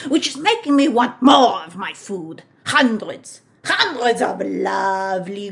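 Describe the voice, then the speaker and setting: A gravelly witch queen, thick foreign accent. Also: fairly high pitch. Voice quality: exaggerated put-on foreign accent. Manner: theatrical, slow menacing commands with sudden shrieks. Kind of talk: live-stream comedy impression.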